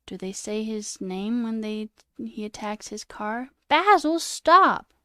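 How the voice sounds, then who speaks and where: A woman's voice: mid-range voice, level tone, unhurried, darkish tone, clean tone, no room sound, clean studio sound. A woman streamer chatting casually with her viewers, trailing off and answering chat as she goes. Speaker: coding livestreamer.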